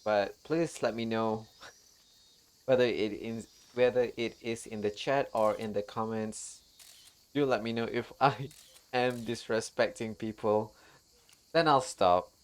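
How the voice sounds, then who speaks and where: A woman's voice: very deep voice, takes it slowly. A woman streamer chatting casually while playing, laughing often and apologizing to her viewers. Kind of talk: casual gaming stream chat. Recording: faint game music behind.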